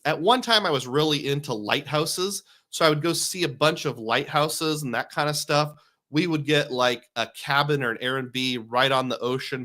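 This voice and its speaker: Bright-voiced chatty man on a live stream. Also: mid-range voice. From Iowa. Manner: chatty, rambling, answers viewer questions. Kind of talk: casual live-stream chat.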